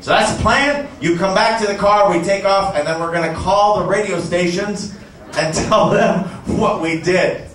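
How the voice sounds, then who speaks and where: A man doing stand-up, telling a profane story with animated shouted quotes in a comedy club. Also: high-pitched, moderate pace. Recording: echoey club audio from far off.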